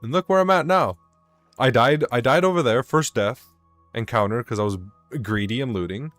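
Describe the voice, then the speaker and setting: A man's voice: mid-range voice, moderate pace, a bit bright, no echo, soft background music. A young man rambling and swearing as he vents about work over his gameplay commentary. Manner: rambling, swearing, venting, self-mocking. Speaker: gaming vlogger.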